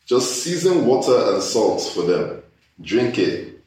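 A man hosting a casual chat, animated and joking as he tells stories with disbelief. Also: medium pitch, slow. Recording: echoey room, mic far off.

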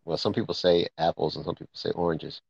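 A man's voice: sits low, fairly even intonation, fast, creaky, a little mellow, husky, no echo, muffled recording. A man co-hosting a casual chat podcast, joking around and slipping into mock gangster voices. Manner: joking, drops into gangster impressions. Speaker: podcast co-host.

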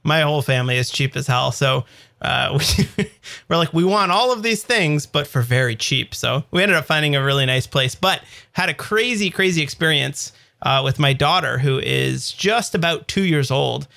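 A man's voice: mid-range voice, normal speed, gravelly, bright, forceful tone. A man in his thirties co-hosting a podcast, telling a long story in casual chat with lots of fillers and restarts. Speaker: podcast co-host.

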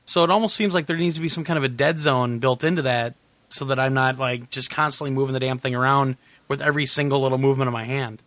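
Bright-voiced man chatting on a podcast. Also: medium pitch, fairly even intonation, quick pace, no echo. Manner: rambling, self-correcting, laughs often. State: losing his voice. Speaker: podcast host. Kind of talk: casual gaming podcast chat.

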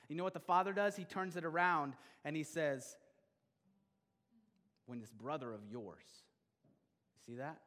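Male pastor, sermon, slightly high voice, long church reverb, animated then hushed. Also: normal speed. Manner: animated preaching, swinging between loud emphasis and quiet intimacy. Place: church sanctuary.

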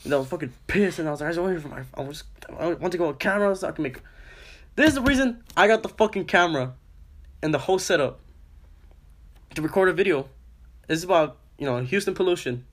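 A man's voice: a little high, fast talker. A young man co-hosting a casual podcast, telling a story with lots of swearing and "I was like" quotes. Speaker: podcast co-host.

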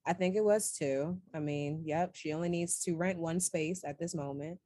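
A woman co-hosting a podcast in casual chat, expressive and playful. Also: deep voice, moderate pace. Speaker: podcast co-host.

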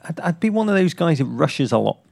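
A man co-hosting a podcast in casual comedic chat, playful and teasing, with jokes that jump up high. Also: sing-song, brisk, vocal fry, darkish tone. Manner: playful, teasing, bursts into high jokey tones. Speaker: podcast co-host.

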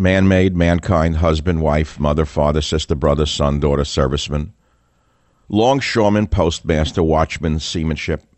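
An older male host with a very low voice speaks in a dry, close-miked studio sound. His talk is a combative, scornful political monologue. He hammers his points home by repeating words and phrases. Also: no echo. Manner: combative, scornful, repetitive emphasis.

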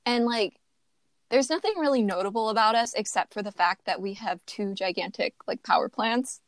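A young adult woman from northeastern Ohio co-hosting a podcast, chatty and quick to laugh. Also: mid-range voice, no echo, studio quality. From northeastern Ohio, USA. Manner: bubbly, laughs often, chatty. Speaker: podcast co-host. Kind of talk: casual chat.

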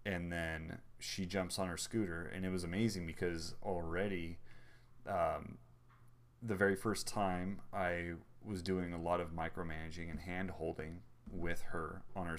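A man in his thirties, a podcast co-host, telling rambling family anecdotes in casual chat and acting out the quotes. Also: deep voice.

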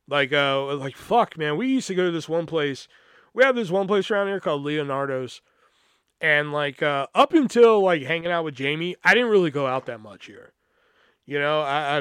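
A male podcast host tells a personal story in a rambling, profane, casual style packed with fillers. His slightly high voice is a bit bright, clear and resonant, captured in clean studio sound with no room sound.

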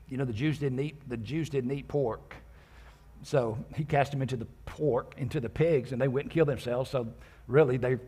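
Husky-voiced pastor preaching conversationally. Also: male voice, mid-range voice. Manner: conversational, with joking asides to the congregation; reads scripture aloud and explains it verse by verse. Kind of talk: sermon.

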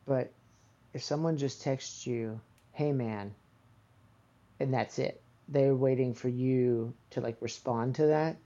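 Very dark-voiced man, muffled sound. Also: mid-range voice, fairly even intonation, measured pace. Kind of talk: casual chat.

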